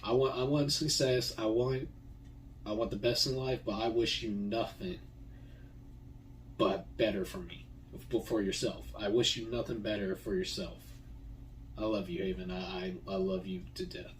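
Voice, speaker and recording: A young man thanking the people who shaped him, talking in a halting, heartfelt way with many repeated words and fillers. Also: fairly low pitch, steady tone, distant mic, slight background noise, rough recording. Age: young adult. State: tearful, voice breaking. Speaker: graduating high school student. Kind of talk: heartfelt personal thank-you.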